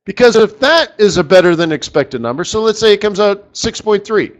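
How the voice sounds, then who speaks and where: A man hosting a live trading session, chatty and excitable, breaking into lively exclamations. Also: high-pitched, brisk. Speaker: market strategist host. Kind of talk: live trading webinar commentary.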